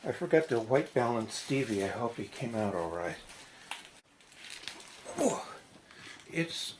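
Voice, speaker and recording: A man's voice: medium pitch, very animated, slow, darkish tone, a little hiss or hum. Man muttering through outtakes, dry-throated. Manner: self-mocking, laughing at his own flubs. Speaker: horror show host and puppeteer. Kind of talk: blooper outtakes, muttering to himself. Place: outdoors in wind.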